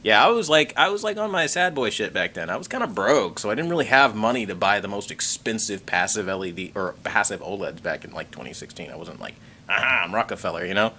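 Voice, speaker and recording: A man hosting a tech livestream in casual chat, excitable and rambling, swearing casually and thanking members. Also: on the low side, fast talker, few pauses, slight background noise. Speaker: tech channel host reading member messages on a livestream.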